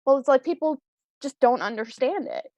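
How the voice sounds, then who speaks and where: A woman's voice: high voice, animated, normal speed, a little mellow, dry recording, lo-fi sound. A young woman on a video call, chatting casually as a screenwriter guest, rambling and self-deprecating with many ums and restarts. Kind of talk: casual live-stream interview.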